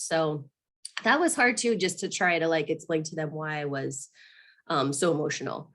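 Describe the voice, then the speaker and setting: A woman's voice: low voice, normal speed, a bit bright. A woman, a mother from Arizona in her thirties, talking candidly as an interview guest, earnest and emotional, with many restarts and frequent laughs. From Arizona, USA.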